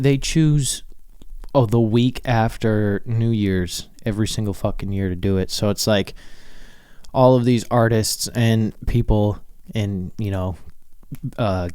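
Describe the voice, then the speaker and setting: A man's voice: fairly low pitch, darkish tone, clean tone, no room sound. A young man from Minnesota hosting a casual solo podcast, rambling loosely, swearing freely and laughing often. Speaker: podcast host.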